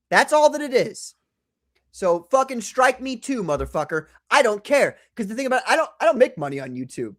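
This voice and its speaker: This host rants hard and swears freely, mixing anger with laughter. The pitch sits in the middle range but swings widely and animatedly. It suits a heated live-stream talk show. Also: no echo, studio quality. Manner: profane, combative, laughs a lot. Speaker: podcast host.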